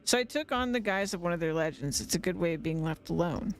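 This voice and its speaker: A streamer voicing a man in a bear suit who poses as a grandiose mountain god, speaking in slow, menacing pronouncements. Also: medium pitch, animated, natural voice. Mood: confiding. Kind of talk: reading game dialogue aloud on a livestream.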